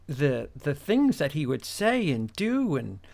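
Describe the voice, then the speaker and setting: A man's voice: fairly high pitch, sing-song, gravelly, a little mellow. Stammering man in a casual chat. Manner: halting, many restarts and repeated words. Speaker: podcast host.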